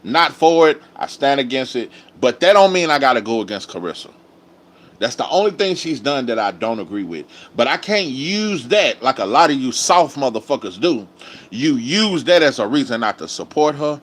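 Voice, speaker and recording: A man's voice: medium pitch, very animated, normal speed, fairly bright tone. A man, hosting a live-stream commentary with profane, emphatic ranting. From Dallas area, Texas. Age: 30s. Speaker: host.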